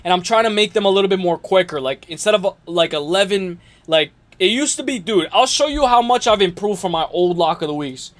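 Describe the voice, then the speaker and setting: A man with a high voice chats loosely on a live stream about fight picks. His talk rambles and circles back on itself, full of fillers and restarts. He sounds like a regular stream host talking straight to his viewers. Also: lively intonation, a little fast, hardly any pauses, fairly bright tone. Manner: rambling, filler-heavy, says dude a lot.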